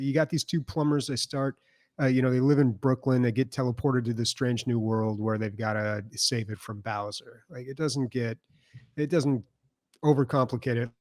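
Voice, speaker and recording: Podcast guy rambling on with tons of ums and likes, mid pitch, dry close sound. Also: darkish tone, no room sound. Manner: rambling, filler-heavy storytelling. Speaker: podcast co-host. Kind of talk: casual chat.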